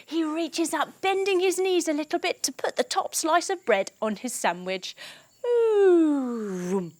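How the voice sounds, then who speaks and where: Young woman, kids' yoga storyteller; bright high voice, unhurried, lively melody. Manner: playful, sing-song, with sound effects. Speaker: kids yoga instructor. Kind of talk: storytelling yoga lesson for children.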